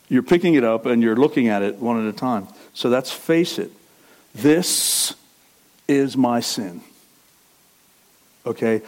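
The voice belongs to a middle-aged male pastor whose conversational sermon moves from soft asides up to loud, emphatic preaching.

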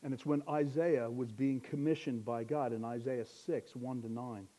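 A young man preaching a sermon, building to loud, impassioned exhortation. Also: mid-range voice, steady tone, moderate pace.

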